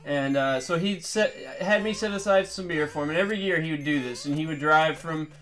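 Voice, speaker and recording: A man's voice: on the high side, a little fast, a bit bright. Rambling man telling stories while gaming. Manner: rambling, digressive, with fillers and trailing off. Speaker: streamer. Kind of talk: casual gameplay commentary with storytelling.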